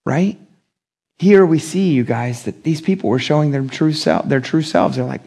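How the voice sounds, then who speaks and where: A young adult man preaching a casual midweek sermon, talking in an animated, conversational way with slang and acting out the voices he quotes. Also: fairly high pitch, normal speed, vocal fry, husky. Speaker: pastor.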